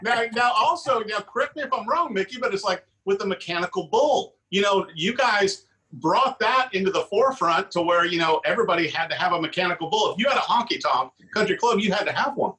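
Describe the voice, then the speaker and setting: A male show host with a high, bright, sharp voice. He asks chatty questions full of conversational fillers. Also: expressive, brisk, poor audio. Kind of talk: interview.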